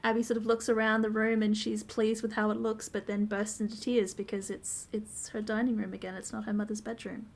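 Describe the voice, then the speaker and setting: A woman's voice: medium pitch, little pitch movement, brisk, gravelly, hardly any pauses. A woman co-hosting a podcast, recapping a TV episode in a casual, detailed, step-by-step way with frequent ums. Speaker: podcast co-host.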